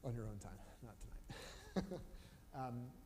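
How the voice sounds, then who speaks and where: A man teaching a Bible study in a relaxed, conversational way, slipping into short voiced asides as he retells the story. He speaks at a middle pitch. The live-stream sound carries a long reverb and a faint background hiss. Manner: animated storytelling with quick voiced asides for biblical characters. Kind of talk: casual Bible study talk. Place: church room.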